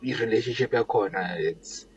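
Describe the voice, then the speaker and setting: A man's voice: fairly low pitch, moderate pace, muffled recording, a little hiss or hum. A man sending a laid-back voice note to a radio show, laughing and slipping into whispers. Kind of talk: casual voice note. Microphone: phone voice note.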